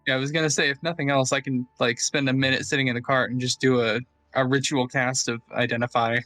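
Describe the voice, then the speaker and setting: A cheeky male player speaks quickly during a tabletop game. His voice is dry and close. Faint music sits behind him. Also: mid-range voice, flat delivery, bright, forceful tone, no room sound.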